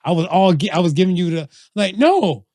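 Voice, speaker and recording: A man's voice: high voice, animated, brisk, mellow, dry recording, clean studio sound. A man co-hosting a podcast in casual chat, blunt and teasing, laughing a lot. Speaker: podcast co-host.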